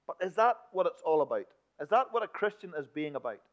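A man preaching a sermon in a church, emphatic one moment and hushed the next. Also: sits high, very animated, fairly quick. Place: church building. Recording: dull lo-fi recording.

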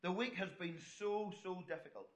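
A man's voice: high-pitched, normal speed. A middle-aged man preaching a sermon, chatty and full of asides to the congregation. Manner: conversational, storytelling asides to the congregation. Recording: echoey hall.

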